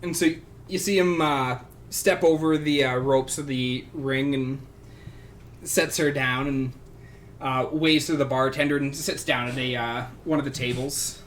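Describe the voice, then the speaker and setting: A man narrating a tabletop game as game master, describing scenes in halting bursts full of fillers. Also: medium pitch, steady tone. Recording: faint background noise.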